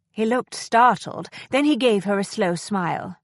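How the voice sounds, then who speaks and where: A woman reading a novel aloud as an audiobook narrator, in a measured, even storytelling manner. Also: medium pitch, vocal fry, no room sound, clean studio sound. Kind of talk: scripted narration.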